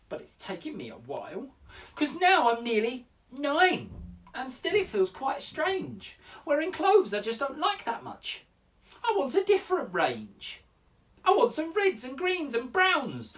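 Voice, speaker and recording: A man's voice: very high voice, a bit bright, far from the mic, voice pushed up, exaggerated voice. A man doing a grumpy eight-year-old girl.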